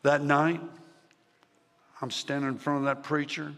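A man preaching his testimony as an animated story to a live audience, swinging from shouting to hushed tones. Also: on the high side, a little slow. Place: large church hall with audience. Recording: reverberant hall sound.

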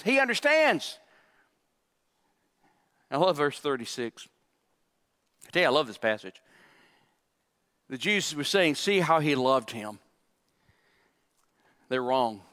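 A man's voice: a little high, big pitch swings, unhurried, pauses often, pushed and bright, big-room sound. A man preaching a sermon as pastor, emphatic, with repetitions and asides to the congregation.

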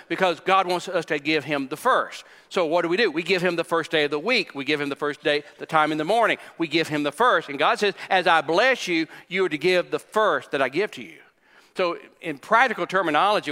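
A man's voice: a little high, sharp tone. A man in his sixties, a pastor delivering a sermon, emphatic, repeating phrases and putting questions to the congregation. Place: church sanctuary. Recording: long hall reverb from church.

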